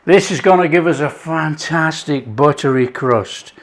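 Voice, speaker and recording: A man's voice: a little high, unhurried. A man hosting a cooking show, talking through a recipe in jokey, chatty patter. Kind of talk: casual cooking demonstration.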